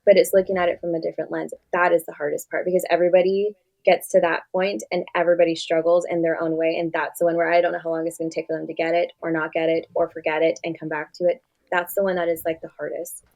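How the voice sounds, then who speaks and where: Fast-talking gravelly-voiced woman therapist. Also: lowish voice, flat delivery, darkish tone, rough recording. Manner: fast, chatty storytelling, filler-heavy. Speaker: therapist for veterans, guest. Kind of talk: casual interview chat.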